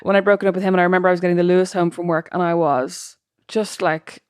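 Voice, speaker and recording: Woman podcast co-host, low-pitched, rapid chatty delivery, dry close sound. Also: fairly even intonation, darkish tone, smooth, no room sound. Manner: chatty, quick, lots of fillers. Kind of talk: casual chat.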